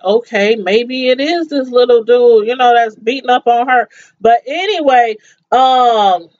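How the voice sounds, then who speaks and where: A woman in casual chat recapping a TV episode, animated and laughing as she acts out the characters' lines. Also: high voice. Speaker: TV show reviewer. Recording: slightly dull, lo-fi sound.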